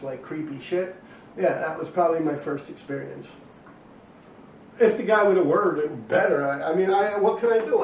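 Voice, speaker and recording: A man's voice: high-pitched, a little mellow, a little hiss or hum. Swearing New man telling old stories. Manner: heavy swearing, slangy and blunt; loose and rambling, many fillers. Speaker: former graffiti writer telling his story. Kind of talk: casual storytelling monologue. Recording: dull, roomy, distant recording.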